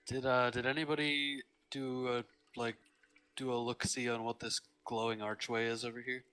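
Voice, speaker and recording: Brief: male player, sharp bright tone, hesitant and chatty. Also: mid-range voice, little pitch movement, normal speed, clear, resonant tone. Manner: hesitant, trailing questions. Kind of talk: casual tabletop play.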